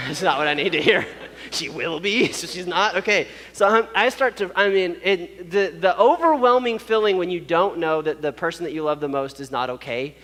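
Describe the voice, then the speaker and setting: A man's voice: high-pitched, moderate pace, a bit bright, big-room sound. A man telling a personal story to an audience, acting out sounds and quoted voices, with many fillers.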